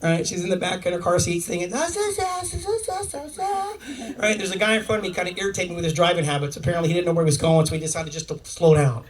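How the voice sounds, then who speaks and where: High-voiced man doing stand-up, roaring crowd. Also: little pitch movement, rapid-fire, few pauses, far from the mic, low-quality recording. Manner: storytelling, acts out people's lines. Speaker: stand-up comedian. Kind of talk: stand-up comedy set. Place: comedy club stage before a live audience. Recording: audience recording from across the room. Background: loud laughing crowd.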